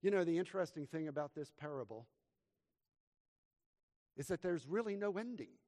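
A pastor preaching a sermon and praying from the pulpit of a church, with dramatic swings between loud emphasis and hushed, quiet lows. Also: male voice, animated, normal speed, pauses often. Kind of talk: sermon and prayer. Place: church sanctuary. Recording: long hall reverb from church.

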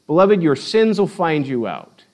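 A man preaching a sermon, telling the story in a lively, playful way and acting out the quotes. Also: a little high, a little slow. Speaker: pastor.

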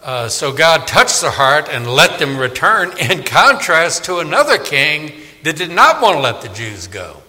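A man's voice: on the high side, measured pace, hardly any pauses, in a large hall. A man preaching a conversational Bible sermon, often asking his listeners questions. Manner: animated, conversational, asks the audience questions.

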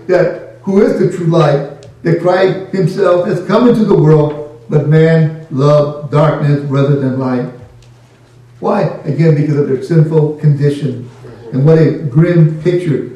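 Preaching to his congregation, this man speaks at a measured pace with a fairly high, dark-toned voice, emphatic and questioning as he repeats key phrases. The room is very echoey and the mic sits at a distance.

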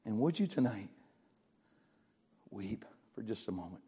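An older man preaching a sermon in a church, telling a story dramatically and swinging from hushed tones to shouting. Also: lowish voice, sing-song, a little slow, slightly rough. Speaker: pastor. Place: church sanctuary.

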